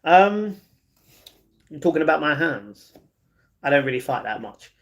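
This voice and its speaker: This man's voice sits on the high side and is very animated. He's hosting a casual livestream, reading out viewer comments and responding in an easygoing, chatty way, though he often stumbles and restarts his sentences.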